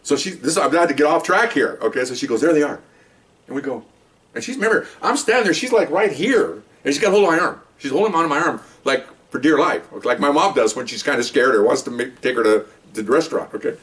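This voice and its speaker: Far from the microphone, a man with a slightly high voice talks at a quick pace, casually relaying a long, rambling story from his days as a police officer. He performs the voices of those in it and laughs as he goes.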